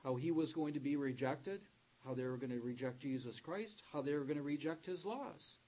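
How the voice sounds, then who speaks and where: A man's voice: a little high, a little fast. A man preaching a sermon, stressing key words and reading scripture aloud with rising emphasis. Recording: dull lo-fi sound.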